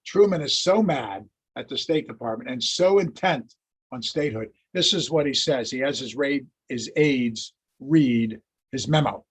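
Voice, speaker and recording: A man giving a history lecture, telling the story with lively acted-out quotes. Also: mid-range voice, unhurried, breathy edge.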